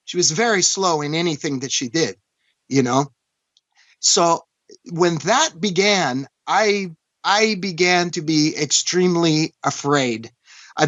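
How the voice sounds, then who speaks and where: A man from Canada, recounting a personal story as an interview guest in an earnest, halting way, often restarting and saying "you know". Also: on the high side, a bit bright, no room sound. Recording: dull, dry lo-fi recording.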